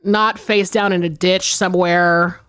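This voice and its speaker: A woman co-hosting a podcast, joking and swearing in an animated way, laughing often. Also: on the low side, measured pace, clear, resonant tone. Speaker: podcast co-host. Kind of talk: casual chat.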